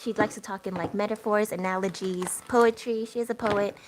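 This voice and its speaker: Reading tarot cards on a laid-back livestream, a young woman answers her chat in a chatty way, laughing and using plenty of fillers. Her mid-range voice keeps fairly even intonation at a moderate pace, and noise is audible behind her.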